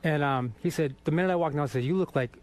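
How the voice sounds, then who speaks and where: A man's voice: a little high, quick pace, darkish tone. A man from Boston, a guest singer, telling self-mocking, profane stories and acting out the dialogue. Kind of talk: anecdotal storytelling.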